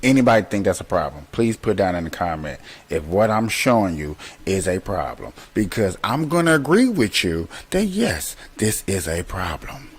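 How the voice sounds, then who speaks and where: A man hosting and talking to viewers, slow and emphatic, repeating words for stress. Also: sits low, very animated, husky, poor audio. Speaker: host. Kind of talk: commentary to viewers.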